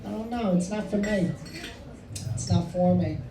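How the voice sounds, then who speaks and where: A man's voice: high-pitched, fairly even intonation, normal speed. A man doing a stand-up comedy set in a bar, rambling and self-deprecating and swearing freely. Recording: echoey room from far off, faint noise.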